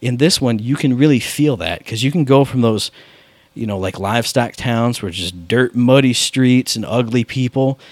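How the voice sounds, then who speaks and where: A man's voice: medium pitch, moderate pace, no room sound. A man rambling in casual chat about video games, with lots of filler words.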